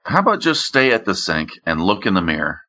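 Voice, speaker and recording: A man's voice: low-pitched, very animated, fairly quick, bright, forceful tone, muffled recording. A man in casual chat, rambling through crude stories and swearing freely.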